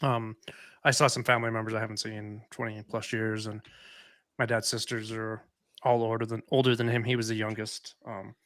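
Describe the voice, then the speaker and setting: Dry, close-miked man talking haltingly. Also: fairly low pitch, little pitch movement, a bit bright, no room sound. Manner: halting, reflective, many restarts. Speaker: podcast co-host. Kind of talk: candid conversation.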